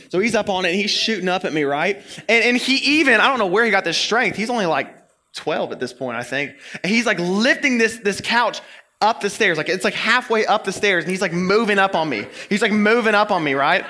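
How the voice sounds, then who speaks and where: A young man preaching to a congregation, telling a story with lively, playful energy. His voice sits high and bright, with a forward, ringing edge. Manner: animated storyteller, playful and quick. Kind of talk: sermon with personal story.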